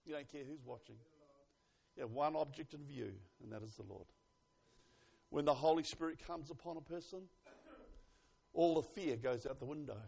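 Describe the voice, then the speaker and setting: A man preaching a sermon, swinging from hushed asides to loud exclamations and reading scripture slowly with emphasis. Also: fairly high pitch, vocal fry, breathy edge.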